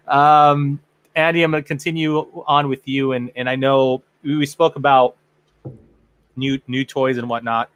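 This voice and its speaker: Excitable male podcast host, dry sound. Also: medium pitch, smooth, dry recording. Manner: excitable, swears freely, many restarts. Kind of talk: casual chat.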